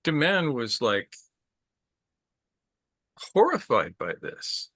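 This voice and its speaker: A man tells an old story to a small group at an easy, slow pace. His voice is bright and forward, and he often repeats words as he goes. The sound is dry, with no room echo. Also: mid-range voice, huge pitch swings. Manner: casual, repeats words, asks the group questions. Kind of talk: telling a traditional story to a group.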